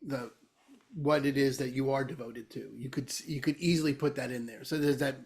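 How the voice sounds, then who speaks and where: Speaking briskly in a gravelly, darkish mid-range voice that stays steady, this man co-hosts a podcast. He spins a lengthy parable in relaxed conversation, emphatic and now and then swearing.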